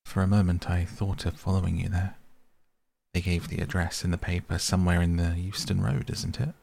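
A man reads a deep, gravelly-voiced painter, earnest and grieving. He pleads and reproaches in a husky low tone, read in his own voice as part of a bedtime storybook. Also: fairly even intonation, brisk, darkish tone. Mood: pained, reproachful. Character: grieving earnest male painter, middle-aged.

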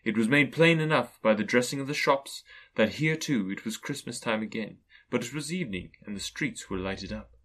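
A man narrating a classic storybook in a measured, even reading. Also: mid-range voice. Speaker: audiobook narrator.

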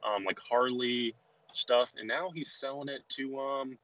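A man's voice: mid-range voice, fairly even intonation, measured pace, fairly bright tone, no echo, rough recording. A young man hosting a podcast, talking loosely with lots of restarts and fillers. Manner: rambling, many restarts and fillers. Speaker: podcast host. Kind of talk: casual conversation.

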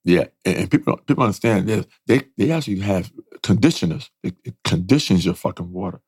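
A man with a gravelly, husky voice rants loudly in casual comedic banter, cursing freely and leaning hard on each point. The sound is close and dry, with no room around it. His pitch sits fairly low. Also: animated, quick pace, no echo. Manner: profane, emphatic, keeps saying his partner's name. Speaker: podcast co-host.

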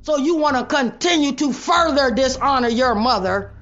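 A woman hosting her own show, talking straight to viewers in a blunt, profane, preachy monologue that rises into loud rants. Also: high-pitched, animated, normal speed, lo-fi sound, soft background music. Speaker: online show host.

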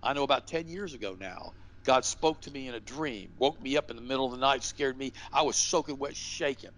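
A man's voice: mid-range voice, fairly quick, fairly bright tone, rough recording. A man speaking as a guest on a show, delivering his points in a fiery, emphatic, preacher-like way with repeated rhetorical questions. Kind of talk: impassioned interview talk.

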